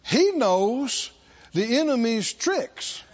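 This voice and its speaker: A man's voice: very high-pitched, sing-song, very slow, husky, dull audio. A man preaching a sermon to a church congregation, leading call-and-response and stretching out repeated phrases for emphasis. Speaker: pastor.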